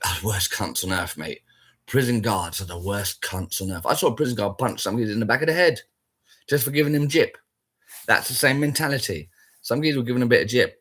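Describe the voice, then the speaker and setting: Brief: man, husky voice, blunt and foul-mouthed, rambling and repetitive. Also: medium pitch, fairly bright tone. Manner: sweary, blunt and rambling, repeats himself. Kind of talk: casual spoken rant.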